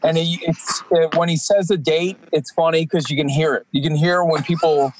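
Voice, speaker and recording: A man's voice: a little high, fairly even intonation, moderate pace, low-quality recording. A man in his forties, a professional wrestler guesting on a podcast, talking casually and rambling with many fillers and restarts. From Atlantic Canada.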